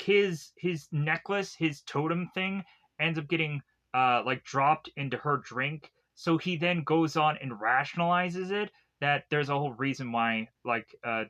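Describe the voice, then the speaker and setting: Young guy rambling through a movie recap, lots of uh and like, bright and a bit high. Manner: rambling, filler-heavy retelling. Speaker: film reviewer.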